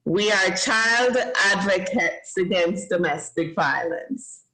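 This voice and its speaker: A woman's voice: on the low side, slow, pushed and bright, rough recording. A Jamaican woman hosting a casual lesson for children, upbeat and encouraging, praising them often. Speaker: host teaching children. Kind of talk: casual teaching chat.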